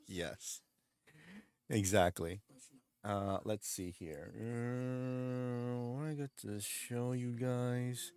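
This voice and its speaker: A man's voice: medium pitch, steady tone, drawn-out words, long pauses, darkish tone, clear, resonant tone, no room sound. A man hosting his channel in casual chat, rambling, laughing often and restarting sentences. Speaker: channel host.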